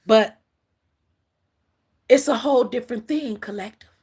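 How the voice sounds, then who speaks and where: A middle-aged woman gives an emotional, halting spiritual message on a livestream, often calling her viewers "collective.". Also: fairly high pitch, a little mellow, husky. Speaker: spiritual reader.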